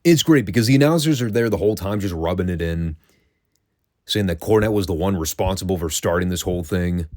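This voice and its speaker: A man with a fairly low voice recaps old wrestling episodes in a loose, casual way, dryly sarcastic and quick to swear. The recording is dry and close, with no room sound. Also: darkish tone, no echo. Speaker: podcast host reviewing classic wrestling.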